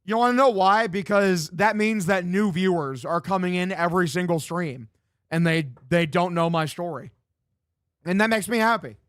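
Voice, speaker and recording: A man's voice: high voice, normal speed, a bit bright, no echo, studio quality. A young man streaming from home, chatting loosely with his viewers and calling the game play-by-play. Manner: loose, profane, reads chat aloud and answers. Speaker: streamer doing live play-by-play. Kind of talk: casual stream chat with play-by-play commentary. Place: home room.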